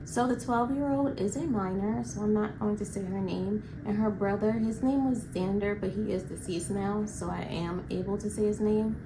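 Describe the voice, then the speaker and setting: A woman's voice: medium pitch, moderate pace, hardly any pauses, noisy background. A woman narrating a crime story in a casual, chatty way, with a slight lisp from her aligners. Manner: chatty, explains as she goes. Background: music.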